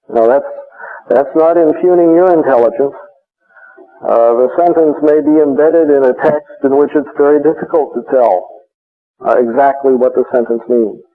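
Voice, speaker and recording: Man, lecture, measured delivery, hesitant fillers, tinny narrow-band recording. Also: mid-range voice. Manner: measured, explanatory, frequent uh fillers. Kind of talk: classroom lecture on logic.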